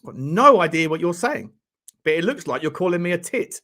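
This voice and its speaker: Guy rambling on a fan livestream, kinda high voice, jokey, bantering with chat. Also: big pitch swings, fairly quick, pushed and bright. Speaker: fan channel host. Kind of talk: casual live-stream chat.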